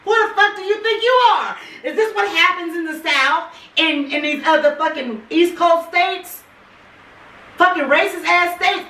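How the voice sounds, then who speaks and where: A woman's voice: very high voice, bright, forceful tone. A woman with a Californian accent ranting in a casual chat, swearing hard and repeating herself for emphasis. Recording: roomy, from far off, faint noise.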